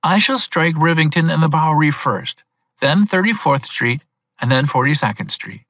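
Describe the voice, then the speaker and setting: Eager young sidekick read by a man, excited quick bursts, bit higher voice, dry. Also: dry recording. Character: eager young male detective's assistant.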